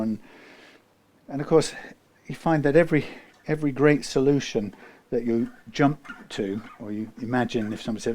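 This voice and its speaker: A guitar technician muses aloud as he works, his mid-range voice moving at a moderate pace. He rambles and often trails off into quiet muttering.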